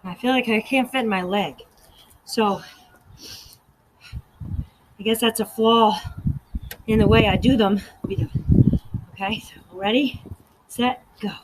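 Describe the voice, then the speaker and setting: A woman's voice: fairly high pitch, a little slow, pauses often, slight background noise, low-quality recording. A woman fitness instructor leading a workout and counting reps aloud, out of breath and encouraging.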